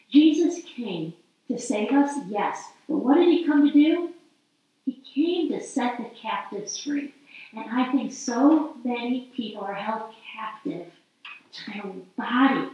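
Woman preaching about faith, kinda high voice, super echoey, far from the mic. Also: animated, unhurried. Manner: earnest, heartfelt, acts out prayers aloud. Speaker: faith and health teacher. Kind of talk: faith-based teaching talk. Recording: roomy, distant and slightly dull.

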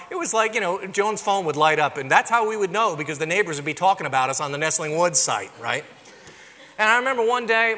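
A man's voice: high-pitched, sharp tone. A middle-aged man preaching a sermon, telling self-deprecating stories in a conversational way, often tossing in "right?" to the congregation. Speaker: pastor. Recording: long hall reverb.

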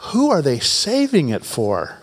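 A man's voice: fairly high pitch, huge pitch swings, unhurried, husky. A man preaching a sermon to his congregation, reading scripture with rising fervor and tossing in joking asides. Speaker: pastor. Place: church sanctuary.

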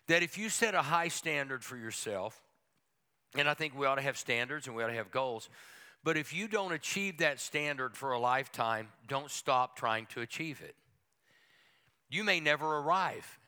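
A man's voice: medium pitch, sharp tone, clean tone. A middle-aged man, a pastor, preaching a folksy and humorous sermon with playful asides to the congregation.

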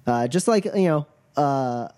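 Slow, hesitant male game master. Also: medium pitch, lively intonation, dark tone. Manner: hesitant, full of "uh" and "like". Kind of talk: narrating a tabletop game.

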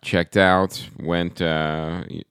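A tired man co-hosting a podcast, chatting in a relaxed way and often dropping in short agreements. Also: sits low, extremely slow, clean tone, no echo, studio quality. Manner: relaxed, frequent agreeing interjections. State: tired, maybe a cold. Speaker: podcast co-host. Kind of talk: casual chat.

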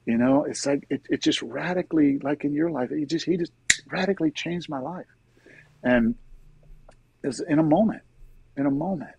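A middle-aged man, a guest in an interview, earnestly telling his personal faith story in a soft-spoken, conversational way. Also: a little high, moderate pace, gravelly, pauses often, highs cut off, a little hiss or hum.

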